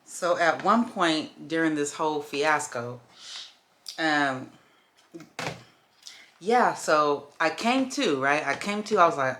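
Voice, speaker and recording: A woman tells a story to her vlog audience, acting out the other voices. Her voice sits low but sounds bright and forceful. She calls her viewers y'all and baby as she talks. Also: expressive, measured pace. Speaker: vlogger telling a story. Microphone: camera while doing makeup.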